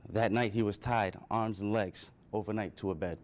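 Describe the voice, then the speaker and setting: A man's voice: on the low side, fairly even intonation, normal speed, noisy background. Man telling a personal story to an audience. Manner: earnest, emotional storytelling. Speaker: speaker addressing an audience.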